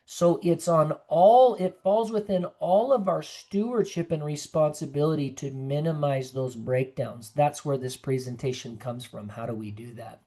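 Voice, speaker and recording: A woman's voice: deep voice, moderate pace, hardly any pauses, warm tone. A woman nurse practitioner giving an earnest, conversational online presentation to caregivers over a video call, sometimes acting out the voices of the people she quotes.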